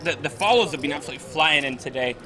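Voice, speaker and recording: Scottish poker commentator, chatty and joking. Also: male voice, fairly high pitch, animated, very fast. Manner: chatty, joking, reads out viewer messages. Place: commentary booth at a poker festival. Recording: crowd noise behind.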